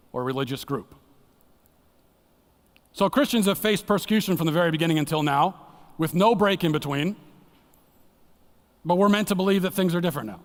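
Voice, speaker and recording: Male guest preacher, earnest and dramatic, voice on the higher side, slips into hushed lows, church hall echo. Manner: earnest, dramatic, drops to a hushed low voice for emphasis. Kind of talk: sermon. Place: church sanctuary. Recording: long church hall reverb.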